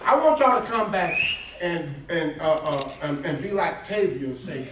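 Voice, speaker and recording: A man's voice: a little high, expressive, normal speed, a bit bright. A man, a pastor leading a Bible study class, speaking emphatically and putting questions to his listeners. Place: church classroom. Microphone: distant room mic. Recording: very echoey room, far from mic.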